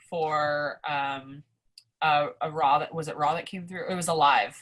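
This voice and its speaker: A young adult woman, a podcast guest, telling a story in a casual, excitable way, swearing often and filling her talk with "like". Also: deep voice, a little slow. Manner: excitable, profane, heavy use of "like".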